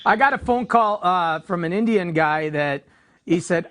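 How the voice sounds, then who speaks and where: Man, co-host, joking, fairly high voice, acts out calls. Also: expressive, normal speed, a bit bright. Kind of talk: casual chat.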